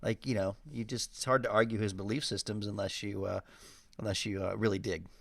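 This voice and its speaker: A man co-hosting a podcast, joking in relaxed banter. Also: fairly low pitch, fairly quick, vocal fry, no room sound. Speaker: podcast co-host. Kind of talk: casual chat.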